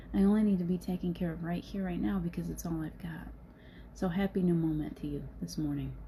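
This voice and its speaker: Middle-aged lady giving a pep talk, mellow lowish voice, laughs a lot, faint hum behind. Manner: laughs often, earnest and encouraging. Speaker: host. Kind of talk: casual motivational talk.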